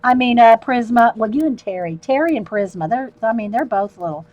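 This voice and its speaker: A woman's voice: a little high, expressive, a little fast, a little mellow, no room sound, muffled recording. A woman hosting an art livestream, chatting casually with viewers as she draws and laughing often. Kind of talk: casual livestream chat while drawing.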